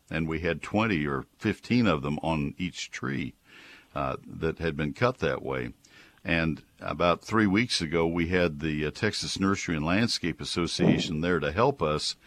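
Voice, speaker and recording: A man's voice: low-pitched, a bit bright. A man hosting a call-in gardening radio show, explaining plant care patiently and politely to callers.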